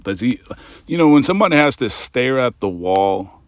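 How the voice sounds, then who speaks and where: A man's voice: medium pitch, sing-song, moderate pace, dry recording. Skeptical man ranting on commentary. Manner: skeptical, ranting, repeats points. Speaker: reaction channel host. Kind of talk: casual commentary.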